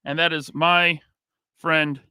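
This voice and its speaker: A man's voice: fairly high pitch, flat delivery, bright, forceful tone, clear, resonant tone, no room sound, studio quality. A man hosting a live podcast, greeting chat members by name in a casual, upbeat way. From United States. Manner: reads out chat names with quick greetings. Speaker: podcast host.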